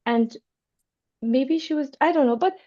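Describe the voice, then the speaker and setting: A woman with a high voice tells a personal story in an easy conversational way. She hesitates and restarts often, and acts out other people's lines. The recording sounds dull and lo-fi. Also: unhurried, mellow. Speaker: club member.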